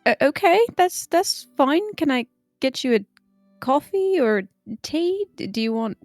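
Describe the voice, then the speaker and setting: A woman's voice: sits high, animated, a little slow, darkish tone, no room sound, studio quality, faint music behind. A woman voicing an awkward young woman with a put-on accent who stammers politely. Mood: nervous polite.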